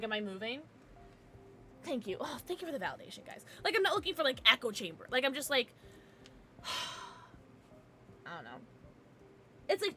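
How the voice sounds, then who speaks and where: A woman game streamer chats loosely and casually with her livestream audience in a fairly high, bright voice that rises and falls a lot. She swears freely and calls out viewers by name, with a faint hiss of background noise.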